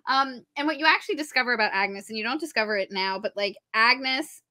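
A woman co-hosting a casual book-review podcast, retelling the plot with animated energy and acting out the characters' lines. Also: fairly high pitch, fairly quick. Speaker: podcast co-host.

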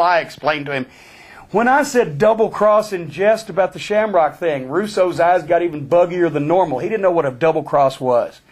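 A man being interviewed who tells a story bluntly, with heavy swearing and animated retelling. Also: fairly high pitch. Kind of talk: profane storytelling.

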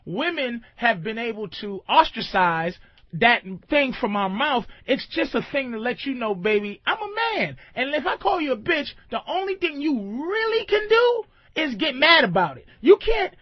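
A man's voice: very high voice, very animated, normal speed, no echo. A man hosting a talk radio show, ranting emphatically with heavy profanity and acting out voices in quotes. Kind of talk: provocative talk radio rant. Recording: dull lo-fi radio broadcast.

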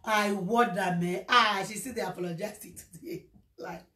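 A woman with a Nigerian accent telling a personal story in a casual livestream, animated and slipping into Pidgin. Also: medium pitch, unhurried, soft background music. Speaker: social media presenter. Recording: echoey room.

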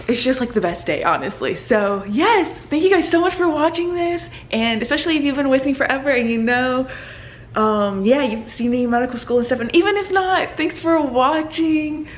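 A young woman in her twenties, a medical student, talking casually to camera with lots of fillers and excited exclamations. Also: high-pitched, moderate pace, a little hiss or hum. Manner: excited and emotional, many fillers like "like" and "oh my God".

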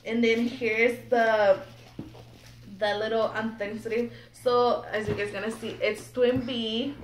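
A young woman chatting excitedly to camera while unboxing something at home, nervous and giggly. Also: on the high side, takes it slowly. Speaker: vlogger. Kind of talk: casual unboxing chat to camera. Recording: echoey room, mic a bit distant, faint background noise.

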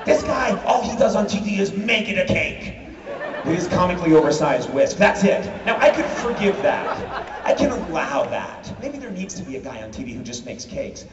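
Homem animado em palco de teatro, som distante. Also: male voice, high-pitched, normal speed, very noisy. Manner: animated, shouting punchlines over crowd laughter. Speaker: comedian on stage. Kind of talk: stand-up comedy routine. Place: large theater with a big crowd. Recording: far, roomy, lo-fi concert audio with loud crowd. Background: loud audience laughter and cheering.

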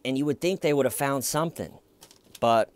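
A man's voice: medium pitch, a little fast. A man giving casual true crime commentary, musing aloud in a wry tone with hesitant restarts.

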